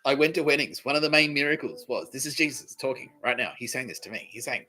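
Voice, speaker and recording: A man's voice: medium pitch, lively intonation, quick pace, hardly any pauses, bright, forceful tone, faint music behind, low-quality recording. A man with an Australian accent hosting a comedy podcast, rambling through a crude, swearing, giggly monologue. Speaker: podcast host.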